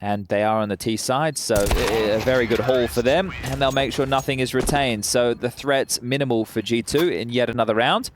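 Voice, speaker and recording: A man giving analytical color commentary on a live esports match, measured with dry jokes. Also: mid-range voice, fairly even intonation, noisy background.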